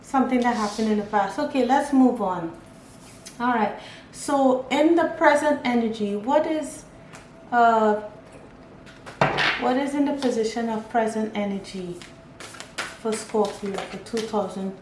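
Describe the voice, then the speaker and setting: A woman's voice: fairly high pitch, measured pace, pauses often. A woman giving a casual tarot reading, thinking aloud and reading out card meanings. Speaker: tarot reader. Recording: echoey room, faint ambient noise.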